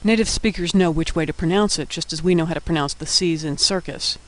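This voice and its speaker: A man giving a scripted lesson, naming each letter and explaining its sound in a patient, clear way. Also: on the high side, a little fast, low-quality recording. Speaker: teacher. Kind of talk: scripted instructional narration.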